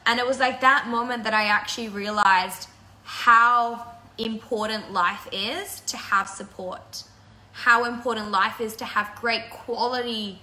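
A chatty woman with a fairly high, bright voice talks casually on a live video. She keeps laughing through tears. The room around her echoes. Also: steady tone, unhurried. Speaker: break-up counsellor and channel host.

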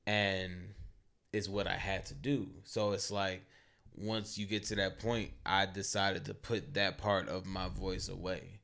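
A man co-hosting a podcast in casual chat, talking low and often trailing into a mumble. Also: flat delivery, unhurried, vocal fry, fairly bright tone. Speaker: podcast co-host.

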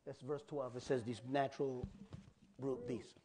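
A pastor preaching a sermon in a loose, colloquial way, with asides and questions to the congregation. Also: male voice, mid-range voice, steady tone, moderate pace, crowd noise.

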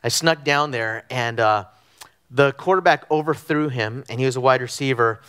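A middle-aged man from Southern California preaching a conversational sermon, telling animated stories with frequent ums and restarts. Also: medium pitch, moderate pace, clear, resonant tone. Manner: animated storytelling with frequent fillers. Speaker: pastor. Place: church sanctuary.

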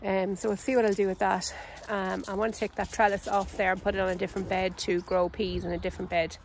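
An Irish woman at a middling pitch talks her way around her vegetable garden in a loose, chatty walkthrough. She is unhurried, stops often on ums, and corrects herself mid-sentence. Faint outdoor ambience with animal sounds sits behind her voice. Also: little pitch movement, slight background noise, poor audio. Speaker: home gardener and channel host.

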